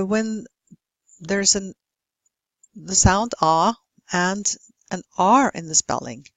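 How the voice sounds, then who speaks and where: A woman with a Norwegian accent giving a pronunciation lesson, saying example words slowly and carefully. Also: medium pitch, creaky, no room sound. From Norway. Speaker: English pronunciation teacher.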